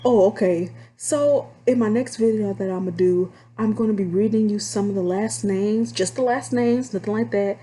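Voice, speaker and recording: Mellow-voiced Texan woman telling work stories. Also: mid-range voice, moderate pace, hardly any pauses. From Texas. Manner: animated, candid, drawling, swears freely. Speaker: call center fundraiser telling work stories. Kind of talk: casual storytime vlog.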